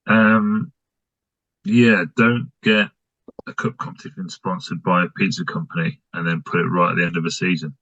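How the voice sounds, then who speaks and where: A man's voice: deep voice, flat delivery, moderate pace, a bit bright, no room sound, dull audio. A man with an English Midlands accent co-hosting a casual podcast, speaking in a dry, hesitant way. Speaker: podcast co-host. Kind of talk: casual chat.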